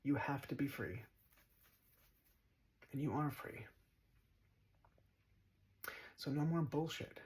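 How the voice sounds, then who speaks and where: A man's voice: mid-range voice, measured pace, darkish tone, low-quality recording. A man talks as a spiritual teacher in a mid-range voice. He is blunt and swears freely, mocks his listeners and hammers at them with short repeated commands. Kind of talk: spiritual monologue.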